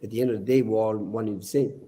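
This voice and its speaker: A man's voice: fairly low pitch, fairly even intonation, quick pace, mellow, slight background noise. An older man speaking as a podcast guest, earnest and preachy, often repeating his words as he talks. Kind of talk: casual podcast discussion.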